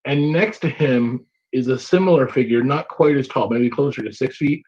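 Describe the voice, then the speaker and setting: A man narrates a tabletop fantasy adventure as the game master, his descriptions lively and vivid. His voice sits in a middle pitch, and the mic sounds dull and lo-fi. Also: normal speed, slightly rough. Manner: descriptive, energetic storytelling.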